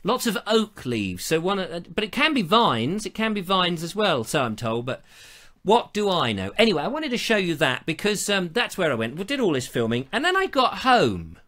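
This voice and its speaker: Speaking at a moderate pace, the English host has a high, slightly bright voice with big swings in pitch. The middle-aged man keeps his live-stream chat casual, telling stories theatrically with playful asides.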